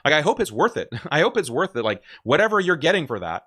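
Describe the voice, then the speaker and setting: A man talks through clips on a stream in casual, argumentative commentary. He is emphatic and laughs often, with a fairly high voice. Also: very animated, fast talker, bright, forceful tone, breathy edge.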